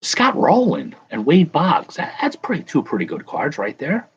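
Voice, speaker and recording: A man's voice: fairly high pitch, wildly swooping pitch, moderate pace, husky, muffled recording. A man hosting a casual live chat, rambling and correcting himself as he answers viewers. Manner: rambling, self-correcting, chuckling. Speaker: livestream host.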